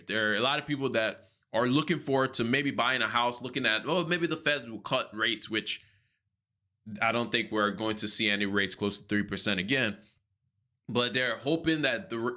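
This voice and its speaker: A man vlogging about personal finance, telling a personal story in an earnest, devout way and acting out his own past reactions with lively quotes. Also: lowish voice. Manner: animated, acts out his own panic and prayers in quotes.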